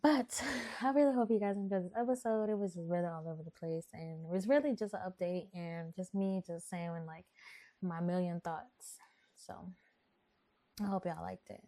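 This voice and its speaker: A woman's voice: on the low side, normal speed, mellow. A woman from New Orleans who grew up in Texas, hosting a podcast in a chatty, rambling, playful way. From New Orleans, raised in Texas. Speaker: podcast host. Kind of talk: casual chat.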